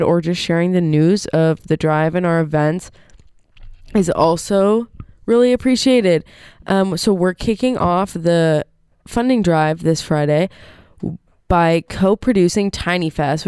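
A woman's voice: fairly low pitch, dark tone, smooth, no echo, clean studio sound. A young woman hosting campus radio, congested from a cold, chatting casually with many ums. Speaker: radio show host. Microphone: studio microphone.

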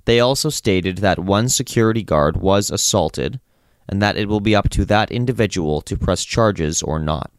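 A man reading a campus radio news report in a steady, measured way. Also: on the low side, no room sound, clean studio sound. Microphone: studio microphone.

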